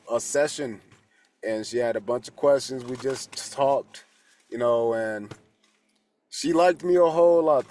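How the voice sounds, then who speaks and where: A male tarot coach talks in a loose, rambling way, swearing without a filter and circling back on his own sentences. His voice sits at an everyday middle pitch. A faint hiss runs behind him. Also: darkish tone. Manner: rambling and candid, swears freely, restarts often. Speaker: holistic coach and tarot reader. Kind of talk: casual spoken reflection.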